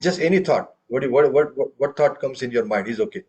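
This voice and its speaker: A man's voice: mid-range voice, fast talker, darkish tone. A man teaching a group tabla lesson, counting beats and reciting drum syllables for students to follow.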